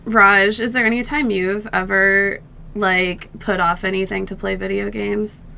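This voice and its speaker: Gravelly bright woman hosting. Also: medium pitch, fairly even intonation. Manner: prodding, brisk questions. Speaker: game show host. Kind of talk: casual stream hosting.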